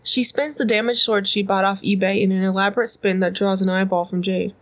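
A woman's voice: medium pitch, steady tone, fairly quick. A young woman co-hosting a podcast, reading fan fiction aloud and teasing her co-host with laughs and swearing. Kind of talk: casual podcast banter and read-aloud.

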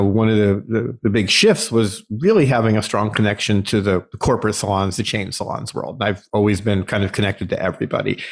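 A male podcast host in casual interview chat, chatty and quick to laugh, with many fillers. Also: on the low side.

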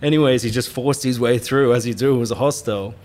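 A man's voice: medium pitch, quick pace, darkish tone. A man co-hosting a podcast, telling rambling, sweary anecdotes and laughing often. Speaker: podcast co-host. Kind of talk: casual storytelling chat.

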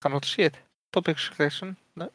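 A man's voice: fairly high pitch, brisk, fairly bright tone, dry recording. A man co-hosting a casual gaming podcast, swearing freely and laughing as he tells trolling stories. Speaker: podcast co-host.

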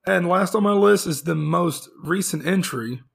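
A man's voice: high-pitched, moderate pace, vocal fry, breathy edge. A man co-hosting a casual podcast, rambling and restarting often, his voice tired and fading. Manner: loose, rambling with many restarts. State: voice fading, hoarse. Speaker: podcast co-host.

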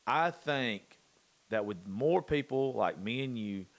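A man with a Southern US accent talking politics in a relaxed conversation. He swears freely and leans hard on his points, circling back over the same words. His voice sits in a middle pitch for a man. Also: takes it slowly. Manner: profane, emphatic, repeats himself. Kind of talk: casual chat.

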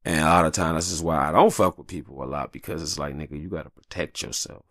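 A married man hosting his own podcast, talking casually and profanely in a rambling monologue, often jumping into exaggerated high voices. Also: quick pace, no room sound, studio quality. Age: adult, married with kids. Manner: rambling, profane, animated, jumps into high-pitched quoted voices. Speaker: podcast host.

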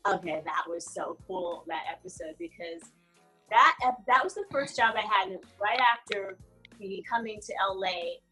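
A woman in her forties, an actress being interviewed, telling stories about her career in a relaxed, chatty way and laughing often. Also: mid-range voice, normal speed, slightly rough, faint music behind. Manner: laughs often, animated storytelling. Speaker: guest actress. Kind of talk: casual interview chat.

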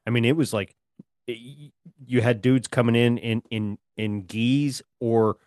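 A man's voice: medium pitch, steady tone, a little slow, a little mellow, dry recording. A middle-aged man co-hosting a podcast, rambling and reminiscing in a laid-back way. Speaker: podcast co-host. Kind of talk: casual podcast chat.

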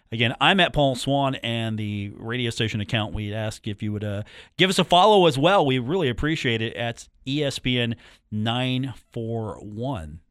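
In a radio studio, a man hosts a sports talk show, chatting casually and joking with listeners between game talk while repeating phone numbers and catchphrases. His mid-range voice has a fairly bright tone, picked up on a studio microphone with clean sound and no room noise.

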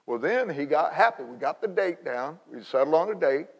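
A man, an evangelist telling a story in a sermon, folksy and animated with many restarts, in a large church hall. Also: on the high side, normal speed. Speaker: evangelist preacher.

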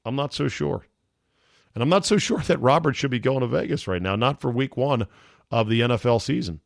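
A man's voice: medium pitch, expressive, a little fast, gravelly, dry recording, clean studio sound. A man hosting a podcast, reading out a listener email and then talking about it in a rambling, profane, emotional way. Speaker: podcast host.

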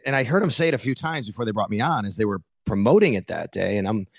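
Animated middle-aged reporter man. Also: on the low side, fast, vocal fry, husky, no room sound. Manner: animated storyteller, quotes himself, many fillers. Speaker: sports beat reporter guest. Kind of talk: casual interview talk.

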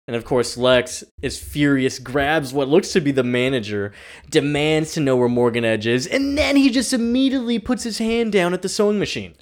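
A man co-hosting a podcast, recapping a TV episode in casual chat, acting out characters' lines in quick bits and laughing often. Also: on the high side. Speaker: podcast co-host.

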